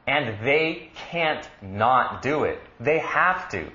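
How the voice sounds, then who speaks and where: A man teaching English on a radio lesson, explaining words slowly and patiently with lively emphasis. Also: medium pitch, roomy sound, lo-fi sound.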